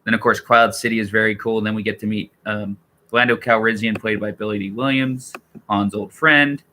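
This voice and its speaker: A man chatting on his own live stream in a loose, rambling way, circling back with fillers and restarts. His voice sits a bit low but comes across bright and forceful. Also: steady tone, normal speed, slight background noise. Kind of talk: casual live-stream talk.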